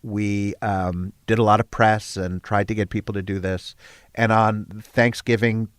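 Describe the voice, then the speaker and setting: Older man with a deep, dry voice. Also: flat delivery, a little slow, clear, resonant tone, no echo. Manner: earnest storyteller with fillers and restarts. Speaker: guest, head of a storytelling nonprofit. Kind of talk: conversational interview.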